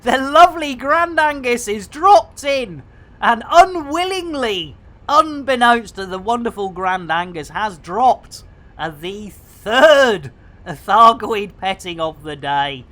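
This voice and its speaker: A man's voice: very high-pitched, expressive, takes it slowly, sharp tone. A man giving playful, theatrical commentary on a live game stream. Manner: jokey, theatrical, lots of pet phrases.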